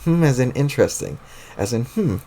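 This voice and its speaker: A man's voice: medium pitch, sing-song, brisk, mellow. A man reading a webcomic aloud, voicing a crabby, sarcastic young alien troll boy who swears.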